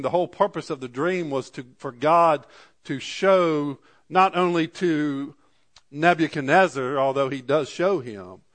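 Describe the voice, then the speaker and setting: Man preaching a sermon, rising and slowing. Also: a bit bright. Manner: slows and rises for scripture readings, drops low for asides; archaic scripture readings, repeated "Amen". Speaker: pastor.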